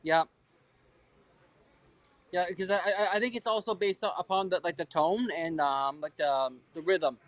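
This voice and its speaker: A man's voice: sits high, moderate pace, pauses often, a bit bright, no room sound. A man hosting a casual livestream, agreeable and hesitant, often repeating his words. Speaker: livestream host.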